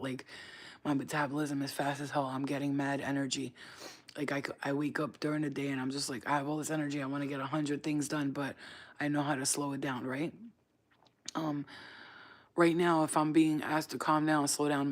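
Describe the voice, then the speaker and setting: A woman vlogger chatting casually to her viewers, rambling in slang and sliding into baby talk with her dog. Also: low-pitched. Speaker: spiritual vlogger. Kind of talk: casual chat to camera.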